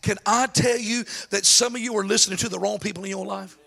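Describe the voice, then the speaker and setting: High-voiced male pastor, bright raspy tone, shouts his sermon with jokey asides. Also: fairly even intonation, fast talker.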